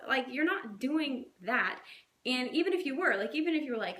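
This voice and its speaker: A woman's voice: high-pitched, sing-song, brisk, a bit bright, reverberant. A woman coaching her team in a casual, chatty way, full of fillers and little acted-out quotes. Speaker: fitness coach.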